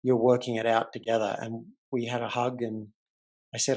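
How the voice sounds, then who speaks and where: A man's voice: mid-range voice, normal speed. A man, a life coach, telling a story as the guest in a casual remote interview. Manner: animated, vivid storyteller. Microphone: remote call.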